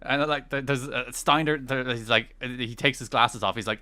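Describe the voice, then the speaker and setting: A man co-hosting a casual podcast, talking in an animated way, swearing and laughing as he acts out quotes. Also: medium pitch, normal speed, hardly any pauses, dry recording. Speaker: podcast co-host. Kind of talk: casual chat.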